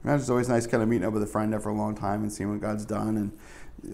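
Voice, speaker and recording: Gravelly-voiced man preaching casually. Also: fairly low pitch, little pitch movement, fast, darkish tone. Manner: casual and chatty, with fillers and asides. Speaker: pastor. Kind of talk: conversational sermon.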